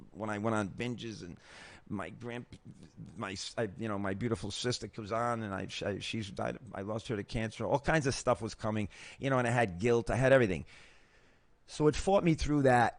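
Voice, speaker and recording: A man's voice: lowish voice, no room sound. A man in his sixties hosting his own show, sharing a recovery story in an emphatic, pep-talk way, swearing often and restarting sentences. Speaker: host. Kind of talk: personal recovery testimony.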